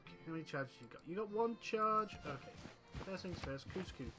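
Guy muttering through a strategy game, kinda high voice, music in the back. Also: expressive, brisk, low-quality recording. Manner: chatty, muttering to units and himself. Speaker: gaming channel host. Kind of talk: casual let's-play commentary.

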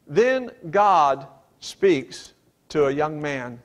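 Earnest high-voiced man preaching a sermon. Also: lively intonation, normal speed. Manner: earnest, emphatic, dramatizes scripture paraphrases; reads King James verses aloud and explains them.

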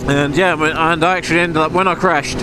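A man, rambling and ranting casually in his own vlog outdoors by a car park. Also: fairly quick. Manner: rambling, ranting, animated pitch swings. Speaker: motorcycle vlogger. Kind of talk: casual chat. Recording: loud outdoor wind and traffic noise.

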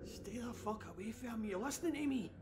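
A man's voice: very high-pitched, fast, background noise. An actor with a Scottish accent playing a tense, blunt male oil rig worker who gives urgent warnings in a video game.

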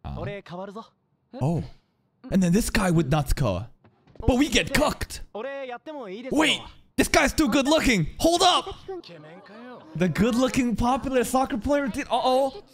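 A man reacting live to an anime episode, excitable and profane, talking back at the screen. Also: very high voice, a little slow, long pauses.

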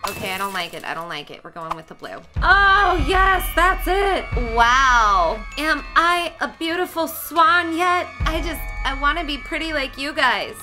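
A woman gaming as a silly character, excitable, stammering over herself and squealing up high. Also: unhurried, few pauses, music in the background. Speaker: gaming video host. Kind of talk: playful game commentary in character.

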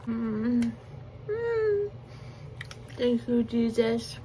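Young girl chatting at her phone mid-snack, kinda high voice, slow easygoing talk, mouth full half the time. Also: sing-song, dark tone, slight background noise, poor audio. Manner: chatty, giggly, talks while chewing with mouth full. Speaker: mukbang vlogger. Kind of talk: casual chatty eating vlog.

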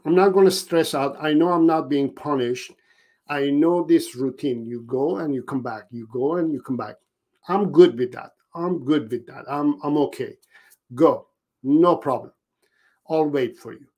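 Man doing a pet dog talking to its owner, higher voice than usual, plain chatty words, simple everyday speech, a dog's thoughts said aloud. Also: moderate pace, a little mellow, natural voice. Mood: calm, reassured.

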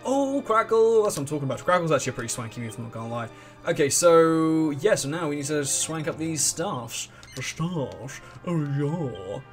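A fairly high-voiced man hosts a let's play, talking through the game in a loose, rambling way. He is excitable, trips over his own sentences and hums little tunes as he goes. Faint game music plays under his voice. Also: moderate pace. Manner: rambling and excitable, restarts often, hums along. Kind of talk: casual gameplay commentary.

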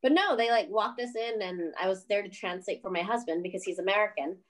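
Animated female director telling a story. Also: medium pitch, a little fast. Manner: animated, acts out quoted voices, swears, laughs often. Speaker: film director. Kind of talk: casual storytelling interview.

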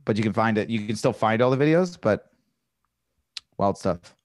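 A comedian guesting on a podcast, telling stories eagerly in casual chat with lots of filler words. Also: male voice, lowish voice, animated, normal speed, darkish tone, no echo, studio quality. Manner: enthusiastic storyteller, heavy on "like" fillers.

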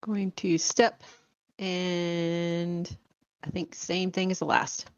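A woman playing a tabletop game, calling her moves briskly and decisively. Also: on the low side, little pitch movement, dry recording, dull audio. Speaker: player. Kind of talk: casual tabletop game chat.

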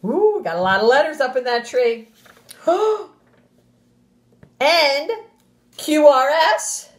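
With a high voice and a slow pace, a woman teacher gives an animated, expressive reading of a picture book to young kids, full of gasps and playful sound effects. Afterward she gives the class instructions, and the room echoes noticeably.

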